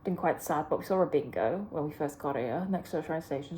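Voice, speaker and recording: Rambling, chatty woman vlogging, low voice. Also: expressive, a little fast, mellow, slight background noise. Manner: rambling, chatty, lots of "like" fillers. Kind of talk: casual chat to camera. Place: hotel room.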